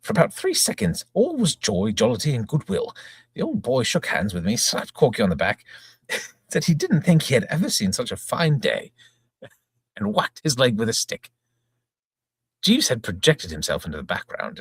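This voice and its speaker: A man's voice: mid-range voice, huge pitch swings, normal speed, slightly rough, no echo, clean studio sound. A man reading a comic novel aloud in breezy first-person narration, chuckling along. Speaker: reader, channel host.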